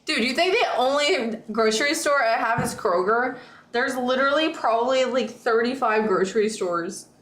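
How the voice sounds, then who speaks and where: A woman's voice: on the high side, moderate pace, fairly bright tone, reverberant. A woman streamer in casual chat with viewers, rambling and reading chat aloud.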